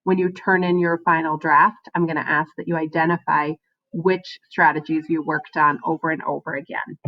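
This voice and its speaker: A woman's voice: low voice, steady tone, moderate pace, muffled recording. A woman teacher giving a recorded writing lesson to her class, encouraging and often checking in with "right?" between points.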